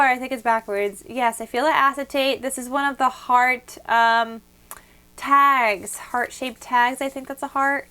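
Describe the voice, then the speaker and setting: Slightly high-pitched with a steady, bright, forceful and clean tone, this young vlogger talks at a measured pace. Gushing and chatty with lots of fillers, she unboxes craft gifts at her home desk, a bit out of breath.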